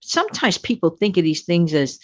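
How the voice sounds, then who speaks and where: A woman's voice: fairly low pitch, very animated, normal speed, no room sound. A woman hosting an advice talk to her viewers, chatty and emphatic, repeating words for stress. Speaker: host. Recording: dull, lo-fi dry sound.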